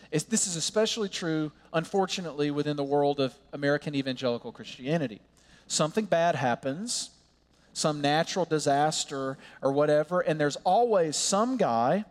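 High-voiced man preaching in an echoing hall. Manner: earnest, impassioned preaching with slow emphatic pauses. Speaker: pastor. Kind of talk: sermon. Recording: long hall reverb.

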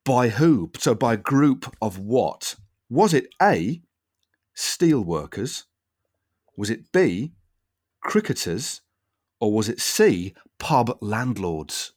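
A man's voice: mid-range voice, very animated, takes it slowly, a little mellow, dry recording, studio quality. A man hosting a casual podcast chat and quiz, laughing often and stumbling over his words. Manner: laughs a lot, stumbles and restarts. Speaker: podcast host.

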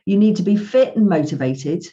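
A woman's voice: medium pitch, expressive, a little fast, mellow. A woman, a financial coach, telling stories in a podcast chat and acting out both sides of each conversation. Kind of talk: podcast interview. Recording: dull lo-fi sound.

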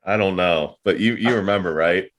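A man's voice: deep voice, normal speed, fairly bright tone, slight background noise. A man reminiscing in casual chat, telling stories animatedly with lots of laughter.

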